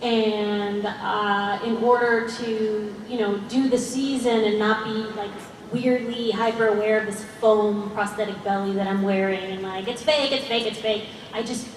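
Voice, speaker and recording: An actress at a fan convention panel, speaking earnestly and passionately with frequent laughs. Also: female voice, mid-range voice, little pitch movement, measured pace, few pauses, slight background noise. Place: large convention hall. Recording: echoey hall, voice far off, faint crowd ambience.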